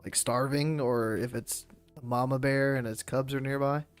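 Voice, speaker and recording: A man's voice: medium pitch, steady tone, moderate pace, clear, resonant tone, dry recording, faint music behind. A man streaming a game and chatting casually, rambling and laid-back, swearing freely and laughing often. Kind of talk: casual chat while gaming.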